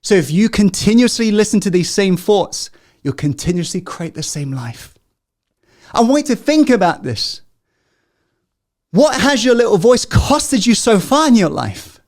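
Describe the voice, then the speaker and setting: Man, self-help coach, somewhat high-pitched, livestream masterclass, loud-to-hushed swings, constant questions. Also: sing-song, unhurried. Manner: swings between loud rallying and hushed intensity; asks the audience constant questions. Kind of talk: motivational masterclass talk.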